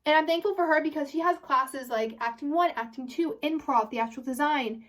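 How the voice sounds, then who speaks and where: Chatty teenage girl with a high voice. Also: fairly quick, a bit bright, recorded from a distance. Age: high school senior, about 18. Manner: chatty, rambling, restarts sentences often. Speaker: vlogger. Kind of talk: casual chat to camera.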